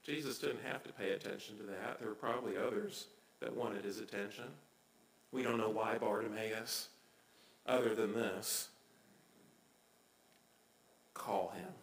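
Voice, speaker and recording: A man preaching a sermon as pastor, swinging from hushed asides to loud, excited cries. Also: on the low side, normal speed, vocal fry, echoey room, poor audio.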